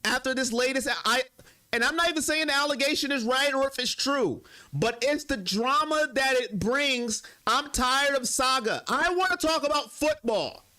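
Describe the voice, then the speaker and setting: A man's voice: very high-pitched, moderate pace, bright, forceful tone. A young man hosting a sports live stream, chatting casually and emotionally with his viewers. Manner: emotional, talks straight to his chat.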